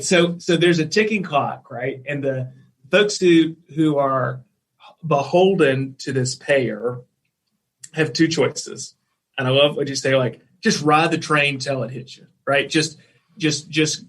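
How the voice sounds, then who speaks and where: A man's voice: on the high side, fairly bright tone. A man hosting a business podcast, recapping his guest's points and thinking them through aloud. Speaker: podcast host. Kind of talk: podcast interview.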